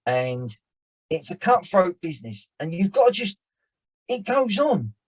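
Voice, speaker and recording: A man, an actor and director telling stories in a rambling, animated way as a podcast guest. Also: sits high, a little slow, husky, poor audio. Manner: animated storyteller, rambling restarts. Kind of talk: casual chat.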